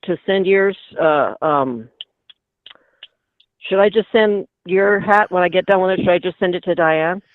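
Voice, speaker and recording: A man calling in to a political talk show, hesitant with many pauses and ums. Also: high voice. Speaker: caller. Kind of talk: phoned-in chat on a talk show. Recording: tinny phone line.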